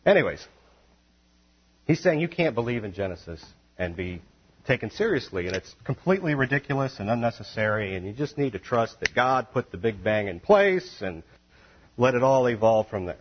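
A man preaching a sermon, reading scripture calmly, then building to loud, emphatic, high-pitched exhortation. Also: normal speed, a little hiss or hum. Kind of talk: impassioned sermon. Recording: dull lo-fi recording.

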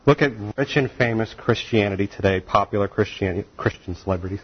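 A man preaching a sermon in an animated, conversational way, with asides and laughs. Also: on the low side, brisk, hardly any pauses, muffled recording, slight background noise.

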